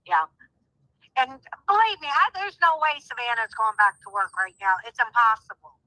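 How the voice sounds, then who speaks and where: A woman's voice: a little high, very animated, normal speed, bright, forceful tone, dry recording, poor audio. A woman speaking as a guest in a phone interview, emphatic and heartfelt, often repeating herself. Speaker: guest, sister of a crime victim.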